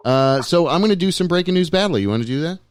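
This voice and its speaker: A man's voice: a little high, animated, fast talker. A man hosting a podcast alone in the studio, chatting casually and rambling while he plays clips. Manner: loose, rambling, self-deprecating. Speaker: podcast host. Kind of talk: casual talk show chat. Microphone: studio mic.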